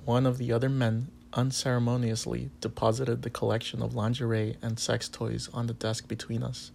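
A man narrating a first-person erotic story in a calm, even way. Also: mid-range voice, normal speed, gravelly, a little hiss or hum.

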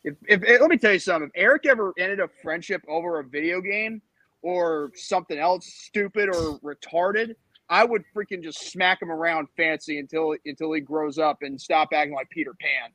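A man's voice: fairly high pitch, normal speed, pushed and bright, no room sound. A man hosting a podcast panel chat, ranting heatedly and repeating himself. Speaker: podcast host.

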